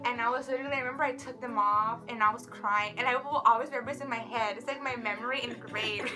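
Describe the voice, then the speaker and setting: A woman's voice: a little high, steady tone, fast, hardly any pauses, music in the background. A young adult woman telling an embarrassing story to her sister, laughing as she goes. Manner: giggly, laughs through her lines. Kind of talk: casual storytelling.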